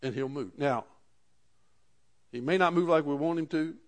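A man's voice: fairly high pitch, normal speed. A pastor preaching a sermon, reading scripture aloud and then driving his points home with rising emphasis.

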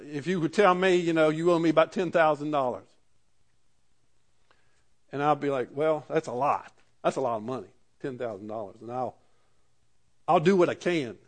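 A man preaching a sermon in a conversational way, building to emphatic peaks. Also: on the high side. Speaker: pastor.

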